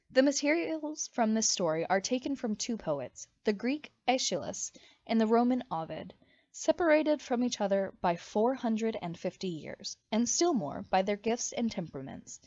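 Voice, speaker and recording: A woman reading a mythology book aloud in an expressive, dramatic way. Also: a little high. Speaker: audiobook reader. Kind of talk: storybook read-aloud narration. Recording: dry, slightly muffled home recording.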